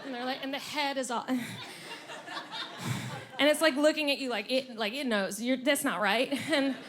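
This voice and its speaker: A woman performing a stand-up comedy set on stage, animated, slipping into silly voices. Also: high voice. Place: comedy club stage before a laughing audience.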